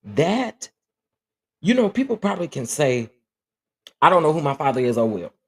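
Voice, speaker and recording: A man's voice: on the high side, very animated, normal speed, a little mellow, slightly rough. A man hosting a casual livestream chat, talking earnestly and emotionally, often repeating himself as he answers viewers. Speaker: livestream host.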